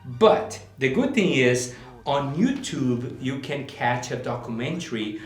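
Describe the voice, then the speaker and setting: A man co-hosting a film podcast in casual chat, enthusiastic and halting, with many fillers. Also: mid-range voice, very animated, soft background music. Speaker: podcast co-host, film reviewer. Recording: echoey room.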